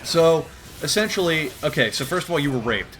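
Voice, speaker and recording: Comedy host reading a comic: profane, rambling, very expressive pitch. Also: male voice, a little fast. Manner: rambling, profane, deadpan asides.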